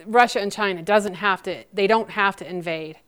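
A woman in her forties answering audience questions about her near-death experience, earnest and halting, with frequent restarts. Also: mid-range voice, a bit bright, clear, resonant tone.

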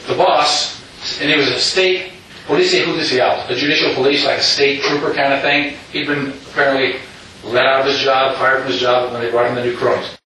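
A middle-aged man tells his own story to an audience in a rambling way, full of asides and restarts. His tone is bright and forceful. He is caught from a distance in a strongly echoing hall with a faint hiss underneath. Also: mid-range voice. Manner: rambling, with frequent "you know" asides and restarts. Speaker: speaker telling his story. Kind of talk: personal story told to an audience. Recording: echoey hall, distant mic.

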